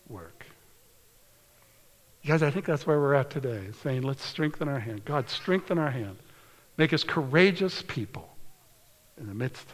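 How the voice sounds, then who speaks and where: A man preaching a sermon, reading scripture aloud in an earnest way and slowing down or dropping to a hushed whisper for emphasis. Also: medium pitch. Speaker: pastor. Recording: long hall reverb.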